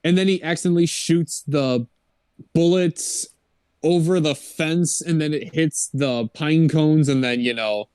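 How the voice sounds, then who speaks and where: A man's voice: on the high side, a little slow, a little mellow, clean tone. A man co-hosting a podcast, casually rambling through a movie plot and mimicking the characters. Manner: rambling plot recap with mock character quotes. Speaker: podcast co-host. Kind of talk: casual movie review chat.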